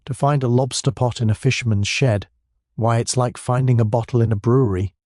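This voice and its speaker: An actor voicing a sly, mild-mannered village policeman who talks in a soft, syrupy drawl with a thick Scottish Highland accent. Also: fairly even intonation, brisk, dry recording, studio quality, lightly acted.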